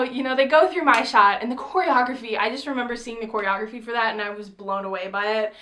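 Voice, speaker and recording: A young woman telling a story in a casual vlog, chatty and full of "like", quoting herself with excitement. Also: fairly high pitch. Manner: chatty, says "like" often, quotes herself excitedly. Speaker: vlogger.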